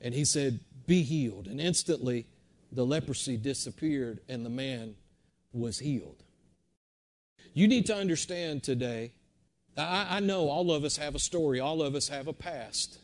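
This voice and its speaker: A middle-aged man delivers a sermon in a conversational style, repeating words and swinging from loud to hushed. His pitch is medium and his pace normal.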